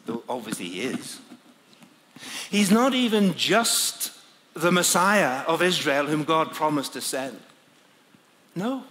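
A man's voice: high-pitched, fairly bright tone, in a large hall, slight background noise. A man preaching a sermon as a dramatic first-person story, often hesitating and searching for words. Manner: hesitant, searching for words, with frequent fillers and laughs. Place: large conference hall.

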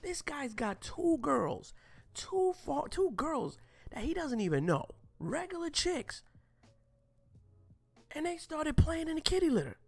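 Gravelly, animated male live-streamer. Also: very high voice, unhurried. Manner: crude, preachy, swings between shouting and whispering.

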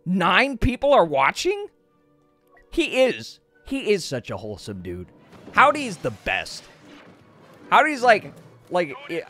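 Man, game streamer, excitable, lively up-and-down voice, bright tone. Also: high-pitched. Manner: excitable, exclaiming, talks to chat. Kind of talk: casual gameplay livestream commentary.

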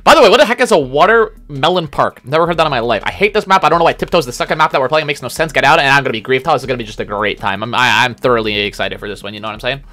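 A young man streaming a game live, chatting and joking with his chat and shouting at the game. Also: medium pitch, racing, few pauses. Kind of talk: live gaming stream commentary.

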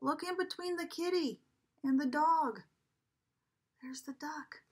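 A preschool teacher reading a picture book aloud to young children, asking them coaxing questions and dropping now and then to a whisper. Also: female voice, high-pitched. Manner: animated, slow, coaxing questions to children, drops to a whisper at times.

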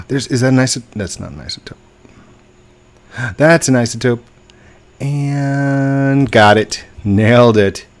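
A man's voice: medium pitch, a little slow, pauses often. A young man giving playful live commentary while playing a game, talking to the other players and his own character. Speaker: gaming video host.

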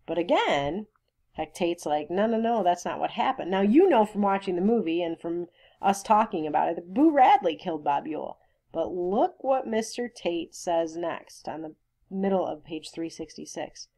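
Woman teacher pausing a class read-aloud. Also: fairly low pitch, very animated, dark tone. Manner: conversational, stops to explain and quiz. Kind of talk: reading a novel aloud with class commentary.

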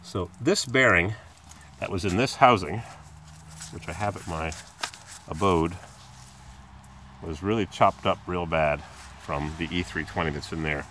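A man's voice: unhurried, pauses often, a bit bright, a little hiss or hum. A man talking casually while repairing his car, rambling and chatty, filming on a handheld phone. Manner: rambling, chatty, imitates squeaks in a high voice. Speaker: car repair video maker. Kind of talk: casual hands-on repair talk. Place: outdoors by a car in a driveway. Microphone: phone camera held in hand.

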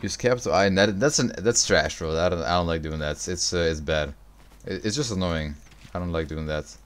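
A young man livestreaming a video game, chatting with viewers, swearing and reacting loudly to the game. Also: low-pitched, brisk, clear, resonant tone. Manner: profane, reacts loudly to the game, answers chat. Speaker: streamer. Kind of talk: casual gaming livestream chat.

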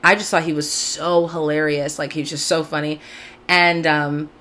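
A young woman from Southern California chats straight to camera on her podcast. Her voice sits low. She gushes freely and fills her talk with "like". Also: steady tone, normal speed, fairly bright tone. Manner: chatty, gushing, lots of "like". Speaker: podcast host. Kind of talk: casual chat to camera. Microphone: camera mic, video-call style.

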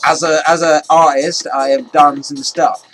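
A man vlogging in an excitable, rambling way, with lots of restarts and casual swearing. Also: fairly high pitch, measured pace. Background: faint electronic music.

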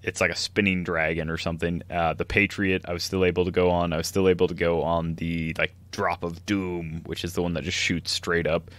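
A man with a deep, low voice rambles through a casual podcast story, laughing often as he goes. The sound is dry and close, with no room around it. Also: level tone, brisk, hardly any pauses, a bit bright, no room sound. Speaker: podcast co-host. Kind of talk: casual chat.

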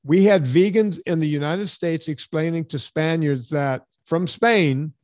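A man hosting a podcast, telling stories in an animated, sarcastic way during casual chat. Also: on the high side, a little slow, dry recording, studio quality. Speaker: podcast host.

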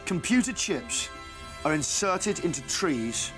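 A man's voice: a little high, very animated, slow, over loud music. A British man presenting live breakfast television, reading newspaper puns with playful, mock-indignant banter. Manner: playful, mock-indignant, jumps between bits. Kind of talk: jokey live studio banter.

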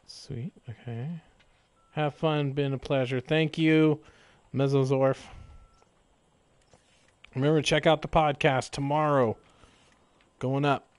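A man's voice: medium pitch, fairly even intonation, slow, pauses often, dry recording. A man casually commenting on his own gameplay, rambling and cracking jokes to himself as he plays. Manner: joking, rambling, talks to himself while playing. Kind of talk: casual let's-play commentary.

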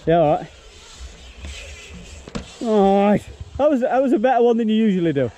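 A man's voice: high-pitched, animated, moderate pace, over music. A young man riding with his friends, teasing and joking in casual banter. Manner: playful, teasing. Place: outdoor skatepark. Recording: outdoor camera audio with loud background noise.

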